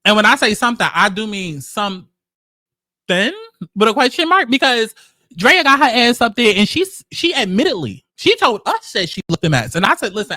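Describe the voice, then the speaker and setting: A man hosting casual reality-show commentary, telling the story in a sassy, profane, animated way. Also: high voice, no echo, studio quality. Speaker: commentary host.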